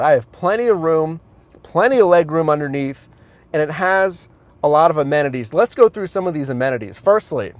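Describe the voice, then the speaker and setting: Man, rideshare driver, live-stream car tour, enthusiastic, chatty, slightly high voice, phone camera. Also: no room sound. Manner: enthusiastic, chatty, addresses viewers as guys. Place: in and around a car outdoors. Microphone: handheld phone camera.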